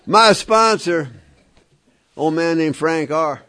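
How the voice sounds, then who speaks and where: A man's voice: on the high side, slow, sharp tone. A man giving a personal recovery talk to a live group, telling his story in an emphatic, repetitive and wry way. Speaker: speaker at a recovery meeting.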